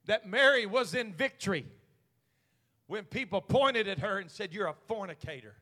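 A man pastor preaching a sermon, swinging from quiet talk to shouted calls to the congregation. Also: high voice, expressive, unhurried, long reverb tail. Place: church sanctuary.

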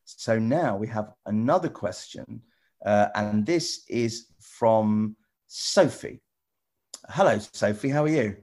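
A man presenter chatting with children in a casual video call, rambling and restarting often, gentle and encouraging. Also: on the low side, animated, slow pace. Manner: rambling, stop-start, many repeated "you know". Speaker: TV presenter answering children's questions.

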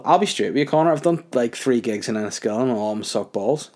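Rambling young comedian. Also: male voice, mid-range voice, animated, fast, a little mellow. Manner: laid-back, rambling with many fillers. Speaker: comedian podcast host. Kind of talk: casual solo podcast chat.

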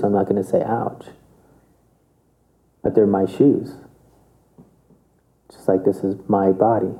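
A man's voice: mid-range voice, warm tone. A man giving a casual meditation talk, conversational and chuckling, often checking in with his listeners. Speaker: meditation teacher. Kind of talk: relaxed dharma talk. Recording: tinny phone-like audio.

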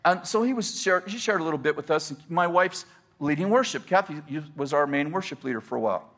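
Middle-aged pastor guy, pretty high voice, keeps laughing thru his stories, super animated. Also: fairly quick. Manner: animated, laughs often while telling stories. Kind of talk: casual storytelling.

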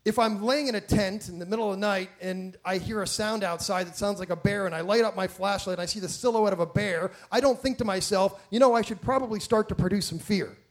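A man with a noticeably high voice delivers a sermon in a church. He preaches with animated emphasis, circling back through restarts and pressing his listeners with rhetorical questions. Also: fairly quick, few pauses.

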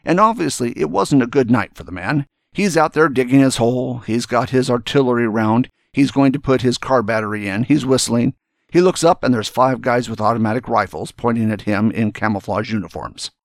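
A man's voice: mid-range voice, fairly quick, vocal fry, dry recording, clean studio sound. An older man, a retired general, telling a story and giving earnest, emphatic advice in a speech to young students.

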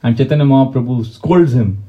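A man's voice: medium pitch, a little fast, highs cut off. A man giving a devotional lecture, talking conversationally, asking his listeners questions and reciting Sanskrit verses. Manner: conversational, asks the audience questions. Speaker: spiritual teacher.

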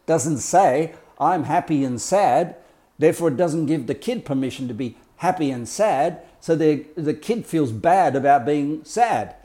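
A man's voice: on the high side, lively intonation, normal speed, hardly any pauses, dark tone. A man talking as a life coach, explaining ideas in a blunt, colourful way with swearing and mimicked sounds. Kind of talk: casual explanatory talk.

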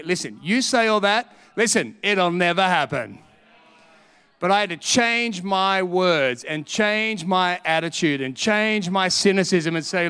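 Emphatic Australian preacher, resonant voice. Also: male voice, sits high, measured pace, clear, resonant tone, long reverb tail. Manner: animated storytelling, emphatic repetition. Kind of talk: sermon.

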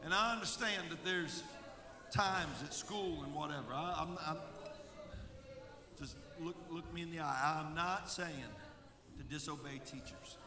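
A pastor preaching a fiery sermon to his congregation, dropping to quiet asides and then building into shouted calls. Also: fairly high pitch, measured pace. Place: church sanctuary with congregation. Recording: echoey church hall with congregation noise.

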